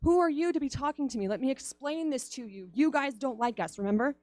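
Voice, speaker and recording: A woman's voice: high voice, animated, fast talker, a little mellow, no echo, pitched above the performer's own voice. A woman doing a sassy, indignant village woman. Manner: sassy, challenging.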